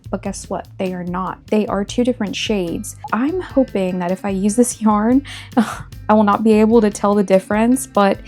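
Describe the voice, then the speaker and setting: A woman's voice: medium pitch, normal speed, a little mellow, soft background music. A woman vlogger talking casually and earnestly through her crafting progress. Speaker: crochet vlogger. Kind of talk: casual vlog voice-over.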